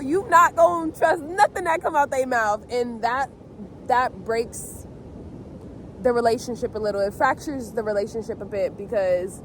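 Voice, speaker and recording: A woman's voice: mid-range voice, background noise. A woman vlogging outdoors, giving casual motivational talk to camera in a loose, slangy, conversational way full of "like". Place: outdoors in nature.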